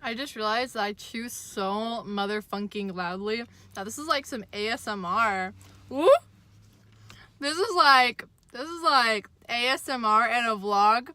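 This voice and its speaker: Chatty young woman vlogging, slightly high voice. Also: no echo. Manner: chatty, self-mocking, jumps high when excited. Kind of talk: casual vlog chat. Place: in her car.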